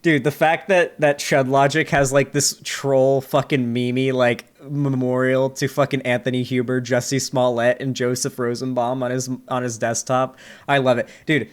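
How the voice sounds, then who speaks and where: A man hosting his channel, giving loose, animated commentary on a debate clip and swearing now and then. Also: medium pitch. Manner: animated, swearing, quick asides. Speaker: debate reviewer, channel host. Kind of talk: casual commentary.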